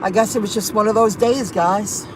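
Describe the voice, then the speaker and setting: A rideshare and delivery vlogger chats casually with her viewers, venting an indignant story and reading their comments aloud. Her voice sits at a medium pitch with fairly even intonation, and she talks at a moderate pace. Car and street noise fill the background.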